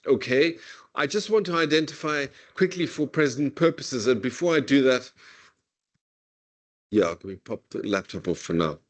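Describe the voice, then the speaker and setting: A man's voice: mid-range voice, animated. A middle-aged man giving a university literature lecture in a classroom, discursive and full of "okay?" tags. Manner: dramatic slow recitation of verse.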